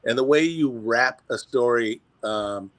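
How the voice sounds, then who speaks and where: A man hosting a casual chat, full of praise for his guest, who fills his pauses with "uh" and "um". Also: medium pitch, a bit bright, no echo. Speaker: host.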